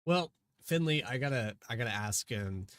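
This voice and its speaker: A race broadcaster with a medium-pitched, slightly bright and expressive voice hosts a post-race interview at a moderate pace. He's chatty and rambling, often restarting hesitantly, and the studio recording is clean with no echo.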